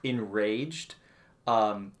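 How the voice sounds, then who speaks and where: A man's voice: on the low side, expressive, drawn-out words. A man co-hosting a casual movie review podcast, talking animatedly with lots of restarts and frequent laughter. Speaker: podcast co-host.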